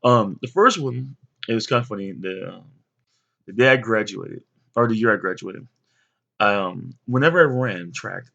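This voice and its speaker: A young man casually telling rambling stories to his sons, with many fillers and lively bursts when he quotes others. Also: on the low side, vocal fry, muffled recording. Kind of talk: casual storytelling to camera.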